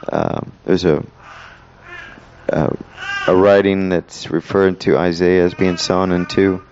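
A man leading a Bible study in a casual way, with many fillers, reading verses slowly and explaining them. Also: sits low, level tone, darkish tone, dull audio, slight background noise.

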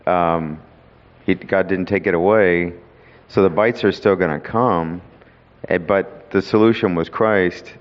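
A man thinks aloud in a Bible study discussion, thoughtful and hesitant, with frequent ums. His voice is very low. The sound is muffled and lo-fi, with a long hall echo. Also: steady tone, unhurried. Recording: echoey hall, dull lo-fi sound.

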